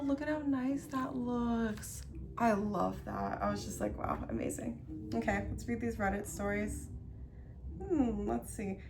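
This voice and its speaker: A bubbly young woman chats on a stream in a fairly high voice, gasping and gushing with endless likes. A faint hum of room ambience sits under her voice. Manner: bubbly, many likes and gasps. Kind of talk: casual chat. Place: warm room indoors.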